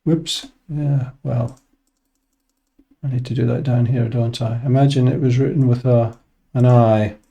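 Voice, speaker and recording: Relaxed man explaining grammar with fillers. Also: mid-range voice, a little slow, creaky. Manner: relaxed, thinking aloud with many fillers. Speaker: English teacher. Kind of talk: casual explanatory lesson.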